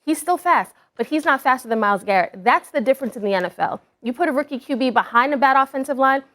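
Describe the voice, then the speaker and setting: A woman's voice: high-pitched, a bit bright. Firm, emphatic woman analyst. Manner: firm, emphatic, deliberate points. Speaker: sports analyst. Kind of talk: sports debate.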